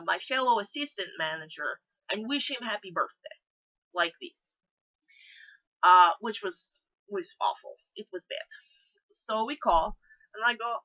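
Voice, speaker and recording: A young woman vlogger telling a story in a put-on Russian accent, dropping her articles in a deadpan way. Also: medium pitch. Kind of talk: casual storytelling vlog. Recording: slightly muffled lo-fi recording.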